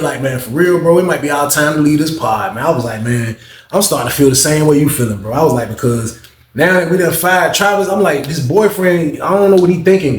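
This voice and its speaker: A young man rattles through a casual story at a quick clip, his voice at a middle pitch. He talks in loose slang, rambles, and acts out what others said. The sound is roomy and echoey. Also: slight background noise. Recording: echoey room.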